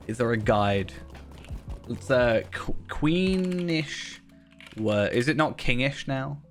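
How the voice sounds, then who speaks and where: An unhurried, medium-pitched male voice rambles along in a self-deprecating way while streaming a game. It's casual gaming commentary, with faint game music in the background.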